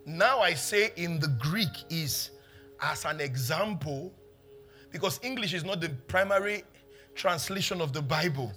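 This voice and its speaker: High, lively pastor preaching. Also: male voice, moderate pace, soft background music. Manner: emphatic preaching, swings from loud exclamations to quiet teaching. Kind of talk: sermon.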